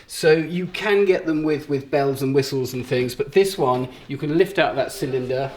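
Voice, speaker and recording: A chatty, joking man talks up auction lots with easy enthusiasm, his voice at a middling pitch. He stands some way back from the mic in a sale room. The room rings with echo, and a faint hum of ambience sits underneath. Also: normal speed. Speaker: auction house presenter. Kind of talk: casual sale preview walkthrough. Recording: echoey room, mic at a distance.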